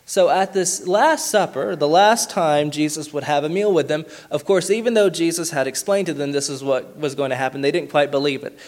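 A man preaching a sermon, earnest, slowing down to stress key words and reading scripture aloud. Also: fairly high pitch, lively intonation, a little mellow. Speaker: pastor.

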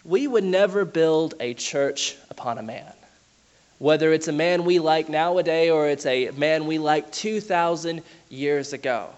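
A man's voice: fairly high pitch, unhurried, a little mellow, highs cut off. A man preaching a sermon in a conversational teaching manner, explaining with asides and self-corrections.

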